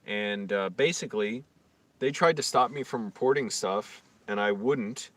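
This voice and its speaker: On a livestream, a Virginia man spins an indignant, rambling tale, full of fillers and restarts. His voice sits lowish with a fairly bright tone, and he talks a little slowly. It's a casual rant.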